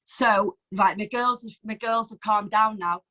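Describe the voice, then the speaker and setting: A woman's voice: mid-range voice, a little slow, pushed and bright, low-quality recording. A woman sharing her own poems at an online open mic from home, chatty and open, often emotional, with lots of fillers. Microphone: video call.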